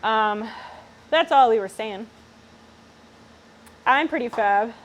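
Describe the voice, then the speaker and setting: A woman's voice: fairly high pitch, slow, low-quality recording. A woman from Australia chatting casually on a live stream, swearing freely and answering chat while she works in a workshop.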